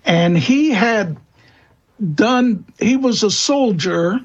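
A man speaking as a guest expert in an interview, answering in a halting way with many fillers and restarts. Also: high voice, animated, dull audio. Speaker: guest expert on vampire lore.

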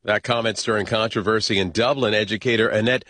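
A man anchoring a newscast, reading headlines in a measured, crisp way into a studio microphone. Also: on the low side, fairly even intonation, pushed and bright, dry recording. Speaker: news anchor.

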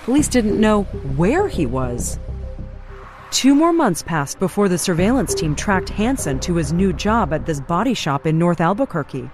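A woman correspondent giving measured, dramatic scripted documentary narration. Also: lowish voice, big pitch swings. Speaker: TV news correspondent. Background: music underscore.

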